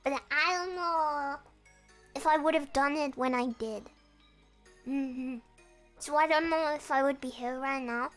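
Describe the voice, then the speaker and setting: A woman's voice: sits high, a little slow, long pauses, a bit bright, faint music behind. A young woman chatting casually and playfully with her viewers on a stream from her room. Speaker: VTuber streamer.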